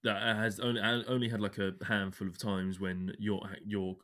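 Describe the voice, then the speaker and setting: Young man, very low voice, hesitant casual gamer. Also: level tone, fairly bright tone. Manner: halting, many restarts and fillers. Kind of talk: casual gaming chat.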